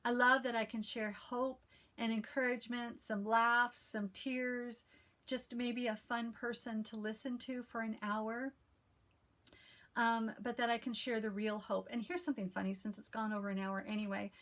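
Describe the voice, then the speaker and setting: A woman with a slightly high, calm and soothing voice chats to her viewers in a relaxed vlog. She talks in a loose, friendly way, restarting her sentences and filling pauses, then settles into reading a short devotional aloud. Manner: chatty, with frequent restarts and fillers. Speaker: cross-stitch video host. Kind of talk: casual chat and devotional reading.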